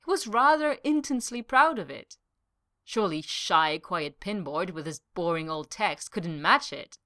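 A woman reads a story aloud in a fairly low voice with a bright, forceful tone. Her narration is expressive and animated. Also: a little slow, no echo, clean studio sound. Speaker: story reader.

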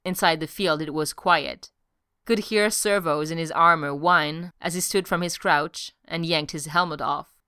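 A woman narrating an audiobook story in a steady, even pace. Her voice is low and smooth. The recording is dry and close to the mic. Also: unhurried, no echo. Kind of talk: audiobook narration of fan fiction.

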